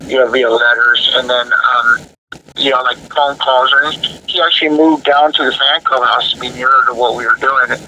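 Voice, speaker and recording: Rambling man, bright distant voice. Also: medium pitch, fairly even intonation, moderate pace, slight background noise. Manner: rambling, many fillers and restarts. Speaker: guest musician, death metal vocalist. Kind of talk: casual interview talk.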